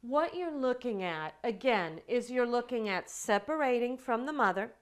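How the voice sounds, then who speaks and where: A woman lecturing a class on child development, telling examples with animated quoted dialogue. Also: on the high side, clear, resonant tone. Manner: storytelling with acted quotes, animated delivery.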